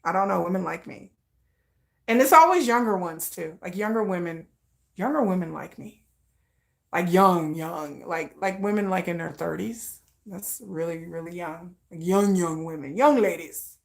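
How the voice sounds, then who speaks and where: Woman vlogging, gravelly fry, swears a lot, laughs while she talks. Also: on the low side, normal speed. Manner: blunt, profane, laughing asides. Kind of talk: candid personal storytelling.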